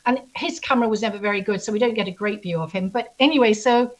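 A woman guest and author telling stories in a casual interview, animated and full of restarts. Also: mid-range voice, fast talker, rough recording. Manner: animated storyteller, many restarts. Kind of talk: casual video interview chat.

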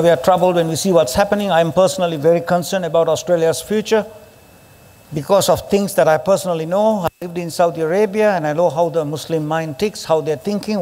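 A male pastor from Sri Lanka preaching a sermon in a church, emphatic and forceful with sudden rises in his voice. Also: sits high. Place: church hall. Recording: long reverb of a church hall.

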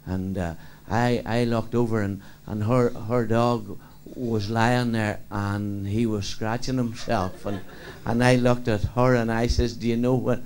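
A man voicing a man who talks very slowly to keep a stammer away. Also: lowish voice, steady tone, darkish tone. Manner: very slow, drawn-out speech. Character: slow-talking Irish man who cured his stammer.

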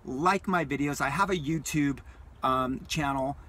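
A man's voice: mid-range voice, a little slow, a bit bright, slight background noise. A man vlogging from his parked vehicle, telling a rambling, enthusiastic story in a casual way that repeats itself.

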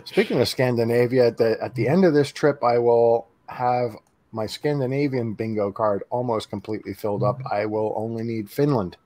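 A man's voice: mid-range voice, normal speed, a little mellow. A man co-hosting a casual live panel chat in an easygoing, joking manner. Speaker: co-host.

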